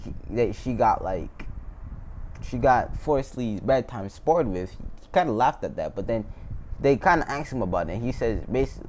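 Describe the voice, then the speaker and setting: Male storyteller, casual and rambling, laughs a lot, low voice with lots of swing. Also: lively intonation, moderate pace, darkish tone, slight background noise. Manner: rambling, laughs often, restarts and corrects himself. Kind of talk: casual retelling of a fan story.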